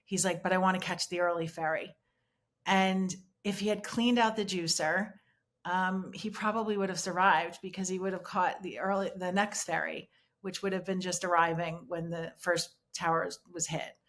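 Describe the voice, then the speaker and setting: Middle-aged woman on a video call, lowish voice, halting, lots of ums. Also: fairly even intonation, fairly bright tone. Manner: halting, many ums and restarts. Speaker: interview guest. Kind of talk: emotional personal recollection.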